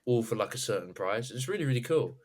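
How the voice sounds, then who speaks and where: Young London guy, podcast co-host, lively pitch, laughs a lot, chatty. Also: quick pace. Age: young adult. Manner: animated, laughs often, acts out others' lines. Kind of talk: casual chat.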